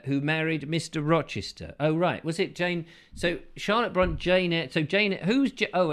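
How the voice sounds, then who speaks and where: A man with a bright, forceful voice rambles through viewer comments in a casual, jokey way. His pitch jumps all over the place, with silly asides and bursts of falsetto. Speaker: host reading viewer comments.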